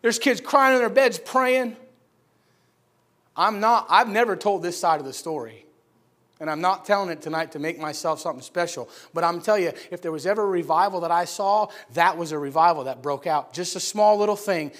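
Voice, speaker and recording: A high-pitched man preaches with dramatic storytelling, dropping to hushed tones and then shouting. He is a preacher from upstate New York, bold and emphatic. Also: brisk. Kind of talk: sermon storytelling.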